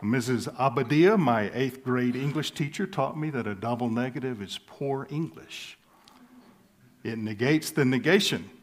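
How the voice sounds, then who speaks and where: A man delivers a sermon as pastor. His voice sits in a middle pitch, and he speaks earnestly and deliberately, slowing down on key phrases and chuckling softly now and then. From southern United States. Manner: earnest, measured, slowing for emphasis, with light chuckles.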